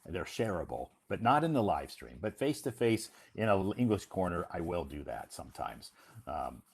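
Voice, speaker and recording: A man's voice: low-pitched, big pitch swings, moderate pace, gravelly, slightly rough. A man, an English teacher, telling a casual story on a livestream in a rambling way with many fillers and restarts.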